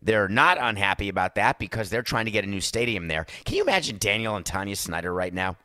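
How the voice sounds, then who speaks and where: A man's voice: lowish voice, expressive, fast, hardly any pauses, sharp tone, no echo. A man hosting a sports talk show, delivering an emphatic, sarcastic monologue. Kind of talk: opinionated sports radio monologue.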